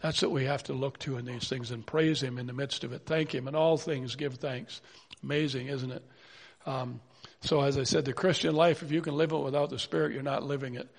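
A man's voice: mid-range voice, steady tone, fairly quick, gravelly, slightly rough. A man preaching a sermon in an earnest, pleading way, full of rhetorical questions. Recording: long hall reverb.

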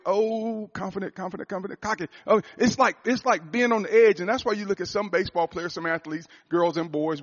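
Male preacher, high-ish voice, animated, muffled recording. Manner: animated preaching, rising loud for emphasis. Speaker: speaker at a church gathering. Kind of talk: sermon-style talk.

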